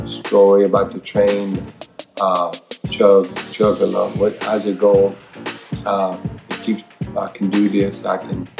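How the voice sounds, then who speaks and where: Male pastor, lower voice, preachy scripture reading, echoey room with soft music. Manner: preachy, repeats scripture lines with emphasis. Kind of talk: evening Bible study sermon.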